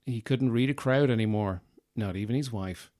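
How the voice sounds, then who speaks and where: A man doing a slow, solemn TV newsman. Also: medium pitch, dark tone, no echo, studio quality, natural voice. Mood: mock-solemn. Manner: slow, grave newsreader delivery. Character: solemn male TV news reporter.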